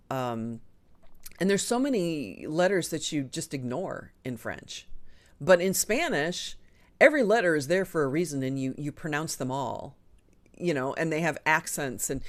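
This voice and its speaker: A woman hosting a live online show, chatting casually and enthusiastically with frequent ums and a lively, swinging delivery. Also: deep voice. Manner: chatty and enthusiastic, talks with her hands in the air of her voice, frequent ums. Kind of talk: casual live-stream chat.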